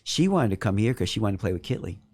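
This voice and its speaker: A man's voice: lowish voice, sing-song, fast, a little mellow. A middle-aged man, a head basketball coach, answering podcast questions in an earnest way and often repeating words as he builds a point. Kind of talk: podcast interview.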